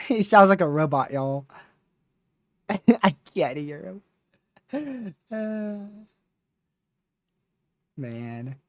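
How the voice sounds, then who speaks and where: A woman giving lively live-stream commentary while guiding a storm chaser, often laughing and talking to her chat. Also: fairly low pitch, extremely slow, pauses often, no room sound, studio quality.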